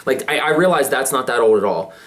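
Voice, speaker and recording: A man's voice: medium pitch, lively intonation, a little fast, fairly bright tone. A man in his twenties, a vlogger, telling a personal story in a rambling way with many fillers and restarts. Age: 20s. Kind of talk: personal confessional vlog.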